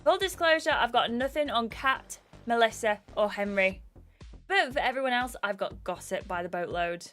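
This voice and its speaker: A woman reading game dialogue aloud as a bubbly, starstruck young female VIP host with gushing, excitable fangirl chatter. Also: fairly high pitch, normal speed, faint music behind. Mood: gossipy.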